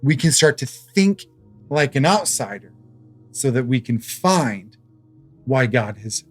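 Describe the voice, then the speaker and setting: A man's voice: mid-range voice, big pitch swings, takes it slowly, breathy edge, dry recording, faint music behind. A man in his thirties preaching a sermon as pastor, in a conversational way, telling stories with humor.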